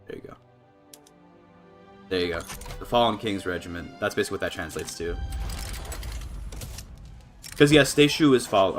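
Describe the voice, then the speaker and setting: A man casually commentating a strategy game on a live stream, thinking aloud with many fillers and restarts, breaking into laughs. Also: deep voice. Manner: laughs often, voice jumps up when excited.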